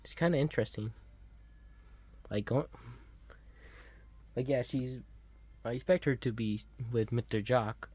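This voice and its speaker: A man's voice: medium pitch, unhurried, pauses often, darkish tone, no room sound. A young man casually commentating a video game, rambling and hesitant with frequent restarts. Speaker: let's play host.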